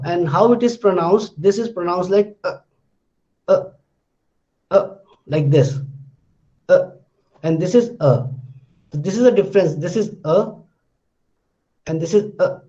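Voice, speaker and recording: A man gives a pronunciation lesson in a high, mellow voice, speaking slowly and repeating each sound twice. The recording is dull and lo-fi. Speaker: English pronunciation teacher. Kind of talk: classroom lecture.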